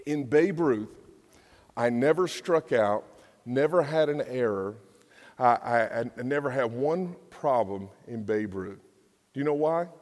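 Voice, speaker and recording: A man's voice: mid-range voice, animated, unhurried, darkish tone. A male pastor preaching a conversational, jokey sermon and acting out quotes in voices. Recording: long hall reverb.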